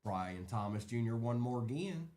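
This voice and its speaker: Host, male, animated casual delivery with lots of rise and fall, live card-break commentary. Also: medium pitch, normal speed. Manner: lively, chatty, rattling off names.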